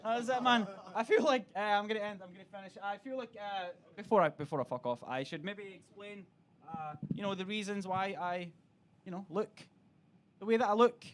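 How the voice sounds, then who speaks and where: A man's voice: high-pitched, a bit bright. A man doing live stand-up comedy on a club stage, swearing freely and acting out other people's voices. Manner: swearing, quick act-outs of other voices.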